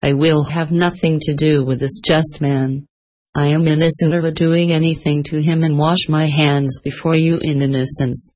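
A woman reading the lines of a stern male Roman governor in a measured, formal way. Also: low voice, level tone, darkish tone. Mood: resigned.

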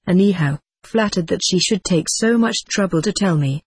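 A man reading a storybook aloud as narrator, in a measured, gently expressive way. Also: high-pitched, slightly rough, no room sound.

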